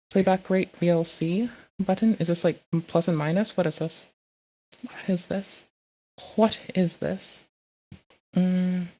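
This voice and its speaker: Woman streamer muttering at her computer, kinda low voice, mellow, swears a lot. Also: creaky, slight background noise. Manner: chatty, swears, talks to herself while fiddling with software. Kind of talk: casual live-stream chat, reading messages aloud.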